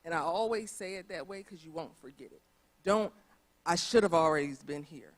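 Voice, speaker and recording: A woman speaking on a church conference panel, animated and emphatic, repeating phrases for stress. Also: lowish voice, moderate pace. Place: church auditorium.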